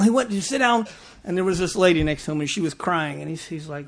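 A man preaching a sermon in a church before a congregation, his voice quite high for a man. He tells stories in a loose, chatty way, often restarting his words and teasing listeners with a laugh. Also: fast.

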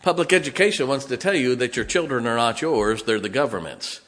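With a mid-range, somewhat bright voice, the older pastor speaks expressively and a little fast. His sermon in the church sanctuary mixes folksy, plain-spoken stories with questions for the congregation, and the hall adds long reverb.

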